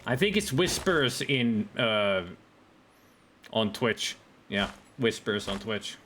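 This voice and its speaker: Male streamer, lively pitch, chatty live commentary, faint noise behind. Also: slow. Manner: chatty, animated, reads out game text. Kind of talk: casual gameplay commentary to live chat.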